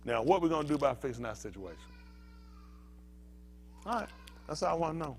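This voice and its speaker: Older male preacher with a slightly high, animated voice, heated and emphatic, pushes the congregation with questions. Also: a little fast, long pauses. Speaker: pastor. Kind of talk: fiery preaching sermon.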